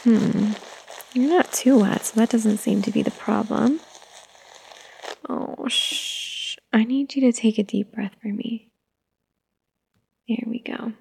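A woman playing a gentle, patient young mother who softly coaxes her toddler, in a whispered role-play. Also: a little high, measured pace, vocal fry, husky, exaggerated voice. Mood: soothing. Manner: soft, coaxing, motherly.

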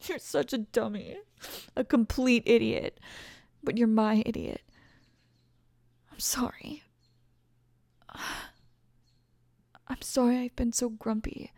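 A woman's voice: on the high side, vocal fry, dry recording, clean studio sound. A woman playing a pregnant girlfriend, a former bully, tough on the outside and insecure underneath, in an audio role-play spoken straight to the listener. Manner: emotional, defensive then tender, soft confessional asides.

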